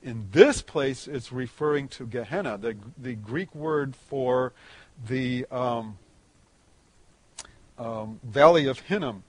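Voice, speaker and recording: A man preaching a sermon, explaining a Bible passage verse by verse in a conversational way, rising in pitch and volume on emphatic points. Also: slow, darkish tone.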